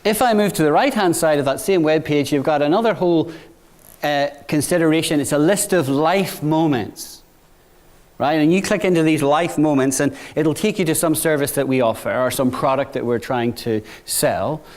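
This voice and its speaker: A middle-aged man giving a business talk to new graduates, conversational, often checking in with "right?" and dropping quiet for anecdotes. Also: on the high side, normal speed. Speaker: bank executive speaking to graduates.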